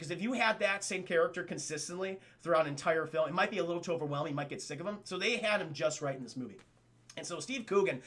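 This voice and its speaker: A man reviewing a film live for his chat, excitable and profane, often calling out to the chat as he goes. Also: high-pitched. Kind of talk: casual live-stream film breakdown.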